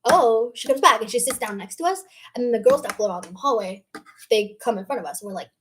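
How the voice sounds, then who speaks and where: A young teenage girl casually telling a school story, animated and swearing freely as she acts out what people said. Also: on the high side, fast, slight background noise. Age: young teen.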